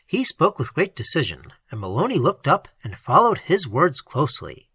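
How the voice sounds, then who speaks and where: An audiobook narrator giving an expressive, dramatic reading of a classic story. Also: mid-range voice, moderate pace, slightly rough, dry recording.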